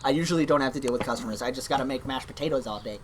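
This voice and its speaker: Speaking rapid-fire in a mid-range voice, a young podcast co-host animatedly recounts a work story, acting out quotes and laughing a lot; a little hiss or hum sits under the recording.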